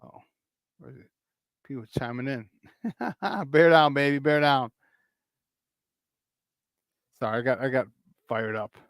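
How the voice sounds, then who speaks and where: A man's voice: mid-range voice, normal speed, clear, resonant tone, dry recording. A man with a Chicago accent hosting a casual live-streamed sports talk show, riffing animatedly and greeting chat viewers by name.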